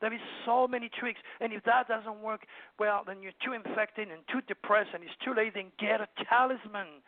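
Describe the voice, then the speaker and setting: An older man with a French accent and a high voice holds forth as a radio guest, lecturing emphatically and circling back with fillers. He comes through a thin, tinny phone line with no room sound at all. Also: normal speed, no echo. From France. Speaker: astrologer guest. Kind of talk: radio call-in talk.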